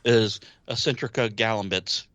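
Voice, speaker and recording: A man's voice: lowish voice, fairly even intonation, moderate pace, fairly bright tone, dry recording. A man chatting casually as a podcast co-host, making wry jokes. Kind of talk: casual chat.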